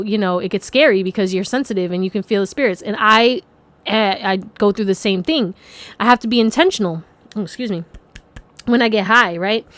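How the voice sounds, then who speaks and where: A woman's voice: mid-range voice, a bit bright, smooth, dry recording. A young woman giving a casual pick-a-card tarot reading, chatty and rambling, swearing freely and laughing often.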